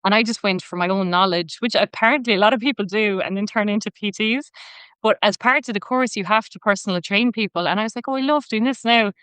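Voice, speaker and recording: A woman's voice: mid-range voice, quick pace, fairly bright tone, clear, resonant tone, no room sound. An Irish woman in her thirties, a personal trainer and podcast guest, chatting and telling stories with lots of "like" fillers. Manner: chatty storytelling, many "like" fillers. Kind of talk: casual interview chat.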